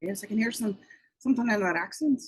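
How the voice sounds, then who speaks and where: A woman reading a gruff fifty-year-old Belfast man. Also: mid-range voice, fast, background noise, lightly acted. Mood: needling. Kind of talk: amateur script table read.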